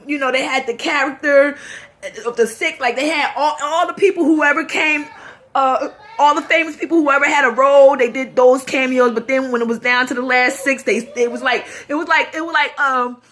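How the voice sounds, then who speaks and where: A woman vlogging a casual, emotional film review, tearful and rambling excitedly as a fan while crying. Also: high voice, normal speed. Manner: tearful, talks through sobs and laughs.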